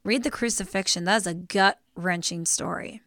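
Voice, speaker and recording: An animated woman talks through a casual faith podcast, close to tears. Her voice is bright and clear, and the recording is dry and close. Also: on the low side, normal speed, dry recording. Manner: emotional, animated storytelling. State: teary. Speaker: podcast co-host.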